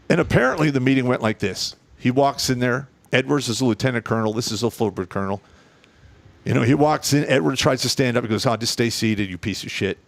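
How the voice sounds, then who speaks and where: Swearing freely and speaking bluntly, this middle-aged guest animatedly recounts war stories from his army days in a casual conversation. He talks briskly in a creaky, mid-range voice. It's a dry recording.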